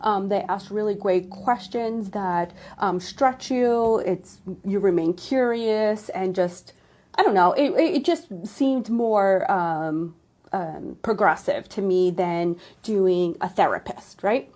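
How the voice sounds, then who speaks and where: A woman in her forties hosting a live-stream chat as a women's empowerment coach, gushing and excitable, tripping over her words. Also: mid-range voice, slow. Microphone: phone or laptop live stream.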